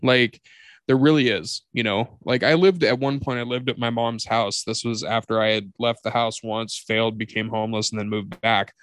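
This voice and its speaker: Animated, swearing male podcast host. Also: fairly low pitch, normal speed, no echo. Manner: animated storyteller, swears freely. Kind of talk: casual chat.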